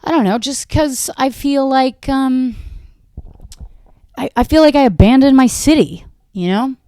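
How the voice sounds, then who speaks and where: Wry, profane woman with a smooth, dry voice. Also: high voice, unhurried, dark tone, dry recording. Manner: profane, self-deprecating, wry. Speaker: comedian podcast host. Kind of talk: rambling comedic monologue.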